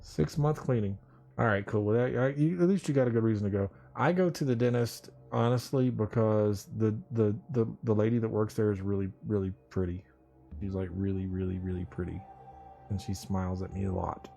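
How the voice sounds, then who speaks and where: Low, mellow-voiced man rambling on a livestream. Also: fairly quick, gravelly. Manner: rambling, joking and profane, teasing viewers. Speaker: livestream host. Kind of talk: casual morning livestream chat. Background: faint music.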